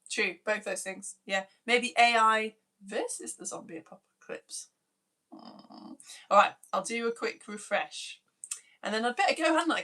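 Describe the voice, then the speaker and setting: Woman teacher, bubbly, self-mocking, bright voice, lively pitch. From United Kingdom. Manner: bubbly, self-mocking, greets children by name. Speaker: teacher reading out viewer messages. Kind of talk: live-stream shout-outs to children.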